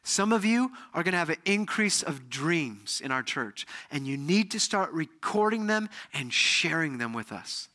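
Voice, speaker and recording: A man preaching a sermon with a bright, forceful voice set a little high. He tells stories with lots of animation and acts out the people in them. He sounds like a middle-aged pastor speaking in church. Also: sing-song, normal speed, hardly any pauses. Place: church sanctuary.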